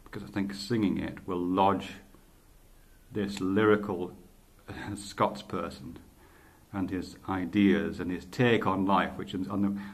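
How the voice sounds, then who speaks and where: A man's voice: low voice, steady tone, slow pace. A man talking in a loose, casual monologue, often stopping to correct himself and swearing casually. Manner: rambling, stops to correct himself. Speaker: podcaster.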